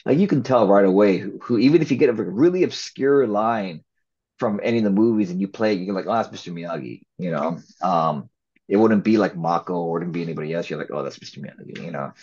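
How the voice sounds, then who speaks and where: A male actor and filmmaker in a casual interview, talking in a relaxed, rambling way with many fillers and restarts. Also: lowish voice, brisk, husky. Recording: slightly dull lo-fi audio.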